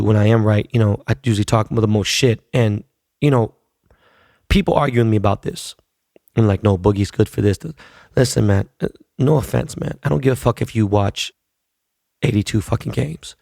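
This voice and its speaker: Male podcast host, gravelly and profane, casual storyteller, dry mic. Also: mid-range voice, darkish tone, no echo.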